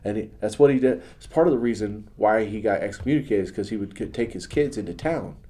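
A man's voice: fairly low pitch, fast, warm tone. A man hosting a podcast, telling a story in a casual, earnest way, often restarting his sentences as he goes. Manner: religious. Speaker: podcast host. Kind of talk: casual chat.

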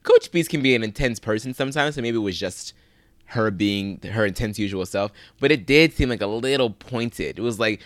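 A man's voice: on the low side, brisk, no echo, studio quality. A man co-hosting a podcast, giving frank, opinionated commentary with casual swearing. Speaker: podcast co-host.

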